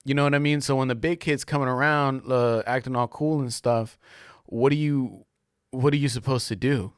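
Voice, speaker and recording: A man's voice: medium pitch, fairly even intonation, normal speed, smooth, dry recording, studio quality. A young adult man hosting a casual solo podcast monologue, rambling and slangy, full of fillers as he tells a story. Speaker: podcast host.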